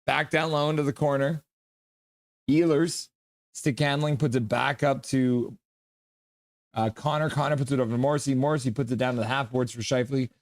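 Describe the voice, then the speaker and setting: A man hosting a live hockey watch-along stream, calling the plays casually, joking with chat and getting loud at goals. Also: mid-range voice, moderate pace, no room sound, clean studio sound. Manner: excitable, jokey, shouts at goals. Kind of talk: casual play-by-play and chat reading.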